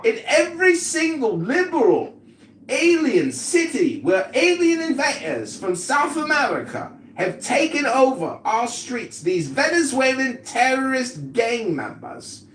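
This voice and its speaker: A man's voice: very high voice, huge pitch swings, a little slow, fairly bright tone, echoey room, recorded from a distance, a little hiss or hum. A man calling into an audio chat room, giving a mock-pompous, over-formal political rant that lectures the moderators.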